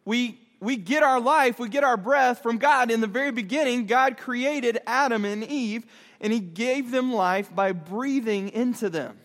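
High-voiced man preaching in a hall. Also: unhurried. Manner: animated, conversational, laughing at his own story. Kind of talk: storytelling sermon. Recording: long hall reverb.

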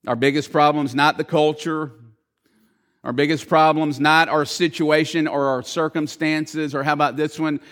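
A man's voice: a little high, little pitch movement, moderate pace, a bit bright. A man preaching a sermon as pastor, earnest and emphatic, telling stories to drive points home.

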